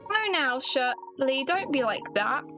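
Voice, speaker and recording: A bright young woman detective from a video game speaks with breezy self-assurance, voiced by a woman reading aloud. Her voice sits high and chirpy. Game music plays clearly beneath. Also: very animated, takes it slowly, full character voice. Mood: soothing.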